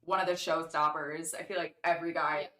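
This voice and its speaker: Young woman co-host with a bright voice, easygoing and hesitant, in a roomy space away from the mic. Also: sits low, flat delivery, a little fast. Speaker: podcast co-host. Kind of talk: casual chat.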